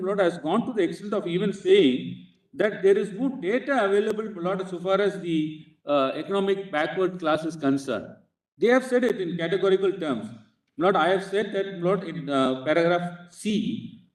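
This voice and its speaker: Indian advocate echoing in a courtroom. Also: male voice, high voice. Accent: Indian English. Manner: peppers nearly every phrase with "Lord", earnest and insistent. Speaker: advocate arguing before a court bench. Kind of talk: formal courtroom argument. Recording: echoey courtroom, speaker far from mic.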